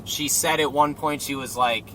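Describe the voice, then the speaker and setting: A young man, a comedian, chatting casually in a moving car, telling animated stories, acting out quotes and swearing freely. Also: medium pitch, moderate pace. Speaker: stand-up comedian guest. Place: inside a car driving through a city. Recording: car and road noise.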